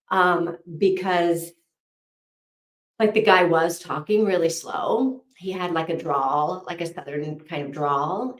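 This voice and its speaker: A woman's voice: lowish voice, roomy sound. A woman hosting a reading sprint, chatting casually and rambling with lots of fillers while she reads out comments. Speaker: host of a reading sprint stream.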